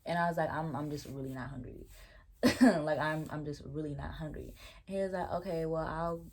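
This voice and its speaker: Chatty woman with a lowish voice. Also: steady tone, brisk, darkish tone. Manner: chatty, exasperated retelling with laughs and restarts. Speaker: vlogger. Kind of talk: casual storytime chat.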